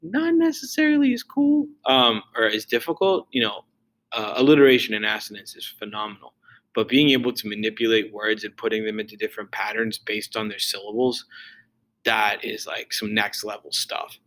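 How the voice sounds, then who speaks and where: A man's voice: fairly low pitch, animated, normal speed, fairly bright tone, poor audio. A male teacher giving a loose, casual recorded lesson, full of fillers and restarts.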